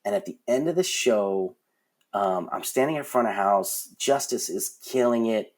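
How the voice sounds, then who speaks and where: A man's voice: lowish voice, animated, moderate pace, darkish tone. A man in his forties, a guest on a podcast, telling stories in a frank, rambling way with lots of fillers and restarts. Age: 40s. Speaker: guest, concert production manager. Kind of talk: casual storytelling in a podcast interview.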